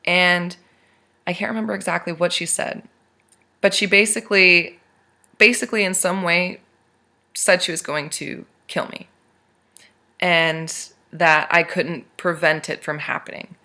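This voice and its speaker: A young woman vlogger casually retelling a strange dream to her camera, animated and rambling. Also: lowish voice, measured pace, vocal fry, long pauses.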